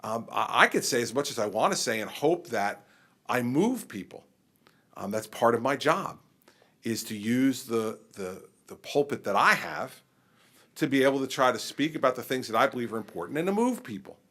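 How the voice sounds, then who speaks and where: A middle-aged man who is a governor, answering a question at a public forum in an animated, conversational way. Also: medium pitch, normal speed. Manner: animated, conversational, acts out exchanges with people.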